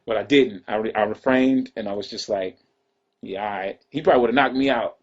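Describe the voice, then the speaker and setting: Husky man telling a story, lo-fi stream. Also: mid-range voice, moderate pace, a little mellow. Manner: loose, drawling, with frequent asides and restarts. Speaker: rapper telling a story to fans. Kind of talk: casual livestream storytelling. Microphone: livestream computer mic. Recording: dull lo-fi livestream audio.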